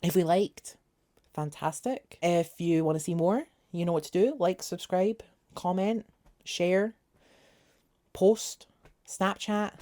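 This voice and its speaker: A man's voice: high-pitched, fairly even intonation, takes it slowly, long pauses, a little mellow, no room sound, clean studio sound. A young man talking casually as a music reviewer, sarcastic and exasperated, with jokey asides. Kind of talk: casual album review vlog.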